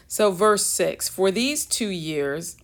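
A woman leading a casual Bible study, reading scripture aloud and talking it through with lively emphasis. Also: medium pitch, takes it slowly.

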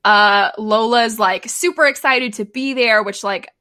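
A woman's voice: a little high, unhurried, pushed and bright, dry recording. A woman co-hosting a casual podcast, recapping a TV episode in a chatty way, with lots of fillers and laughter. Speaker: podcast co-host.

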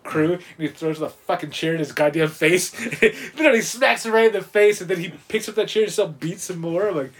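A man co-hosting a podcast, chatting casually and excitedly about a movie, swearing often and acting out the scenes. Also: sits high, brisk, few pauses, slightly rough. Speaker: podcast co-host.

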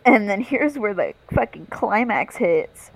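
A woman's voice: mid-range voice, animated, measured pace, gravelly, low-quality recording. A young woman co-hosting a casual podcast, telling a long story in a rambling, profane way. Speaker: podcast co-host.

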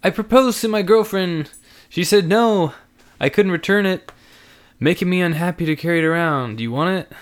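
A man's voice: high voice, normal speed, clean tone, pitched above the performer's own voice, close to an everyday voice. A man voicing a persistent young man who keeps pleading and pressing. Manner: pleading, insistent. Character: young man, persistent, odd sudden charm.

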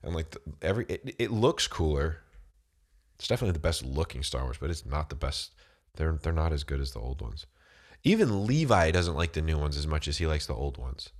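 A man's voice: extremely low pitch, animated, a little fast. Rambling, slangy man with a cold. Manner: rambling, slangy, full of "dude" and "bro". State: has a cold, voice deeper than usual. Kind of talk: casual chat to camera.

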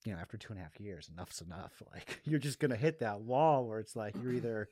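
A man's voice: lowish voice, lively intonation, fast, mellow, no echo, studio quality. A young man, a comedian and videographer, guesting on a comedy podcast in easygoing casual chat, laughing often. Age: young adult.

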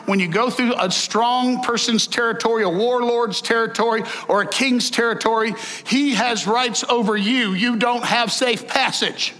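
A man preaches a sermon with a drawl, his voice high and bright. He jokes with the congregation in a folksy, lively way. The sound carries a long church-hall reverb. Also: normal speed. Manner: folksy, animated, joking with the congregation. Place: church sanctuary. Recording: echoey hall.

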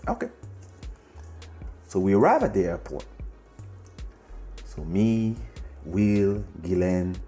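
Man, lowish voice, animated storyteller, faint music. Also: slow, long pauses. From France. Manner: animated, acts out dialogue. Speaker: host. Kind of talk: storytelling on a live show.

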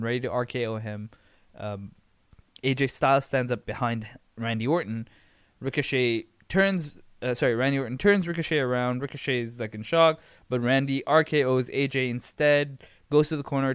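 A man hosts a casual recap podcast, venting in an exasperated, profane ramble full of sighs and restarts. His voice is smooth and resonant. The recording is close and dry. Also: mid-range voice, no echo. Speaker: podcast host.

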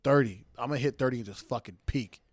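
A man's voice: mid-range voice, quick pace, no room sound. A man in his twenties co-hosting a casual podcast, laughing often and joking crudely as he reads through a list. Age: 20s. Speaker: podcast co-host.

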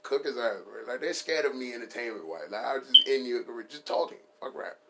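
A man's voice: medium pitch, animated, a little fast, gravelly, heavy background noise. A man hosting a comedy podcast, riffing in a profane, rambling, playful way. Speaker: podcast host.

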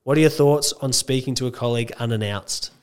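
A man's voice: mid-range voice, brisk, clear, resonant tone. A man co-hosting a casual podcast in a studio. He laughs often and reads news items aloud. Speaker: podcast co-host. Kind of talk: casual chat. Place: small studio.

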